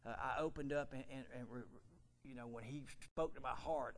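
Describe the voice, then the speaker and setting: A middle-aged man preaching a fervent sermon in a church, swinging from quiet storytelling to loud shouting. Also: medium pitch, steady tone, brisk. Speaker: pastor. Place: church sanctuary.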